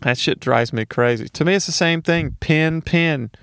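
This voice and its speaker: A man's voice: medium pitch, a little fast, a bit bright, dry recording. A man from Mississippi with a light Southern accent, doing a casual solo comedy monologue, ranting with profane, sarcastic asides.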